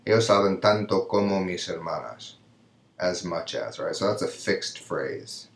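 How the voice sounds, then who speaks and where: Deep-voiced man teaching grammar, echoey room. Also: lively intonation, unhurried, creaky. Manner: explanatory, frequent "right?" checks. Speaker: Spanish teacher. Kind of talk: recorded grammar lecture.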